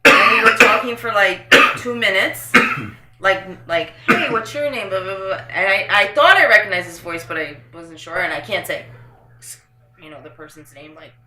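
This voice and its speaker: A chatty woman with a New York accent and a bright, forceful voice, telling stories and laughing often. She is recorded in an echoey room. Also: medium pitch, expressive, moderate pace. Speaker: guest. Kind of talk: casual podcast chat.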